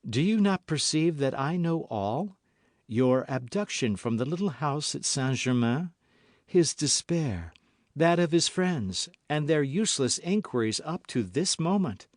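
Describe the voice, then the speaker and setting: A man voicing a scheming noblewoman who speaks in a smooth, guarded, falsely warm way. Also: on the high side, animated, measured pace, dry recording, studio quality, voice pushed up. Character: scheming noblewoman, cold, cunning, falsely sweet.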